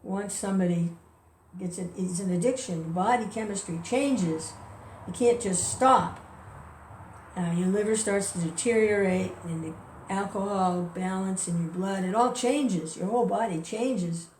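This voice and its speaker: A woman who rambles and chuckles through a casual spoken reflection, chanting softly between her thoughts. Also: medium pitch, unhurried, a little hiss or hum. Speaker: devotee sharing reflections. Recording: roomy distant recording.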